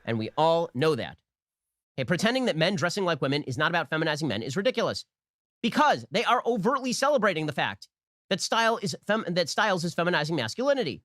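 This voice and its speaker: A man delivering a rapid, combative political monologue, emphatic and argumentative. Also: fairly high pitch, very animated, fairly bright tone, no room sound, studio quality. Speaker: political commentator.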